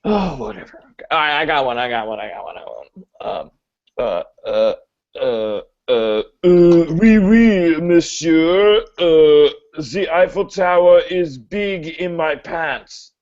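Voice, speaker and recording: A man's voice: on the low side, lively intonation, normal speed, creaky, fairly bright tone. A man playing a confused improv student who stammers and hesitates in a comedy sketch. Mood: flustered. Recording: lo-fi recording.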